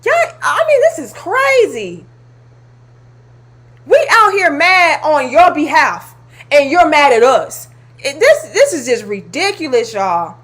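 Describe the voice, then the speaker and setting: A woman's voice: high-pitched, very animated, slow pace, fairly bright tone. A woman hosting a commentary video, blunt and exasperated, swearing freely as she reacts to clips.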